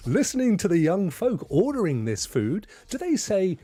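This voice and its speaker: A man's voice: sits high, wildly swooping pitch, a little slow, dark tone, breathy edge. An English man hosting a gaming live stream, chatting casually in an opinionated, chatty way with chuckling asides. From England.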